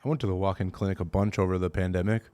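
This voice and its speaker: A man's voice: low voice, level tone, very fast, a little mellow. Laid-back young man on a comedy podcast. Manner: laid-back storyteller, acts out quoted voices. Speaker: podcast co-host. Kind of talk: casual comedy podcast chat.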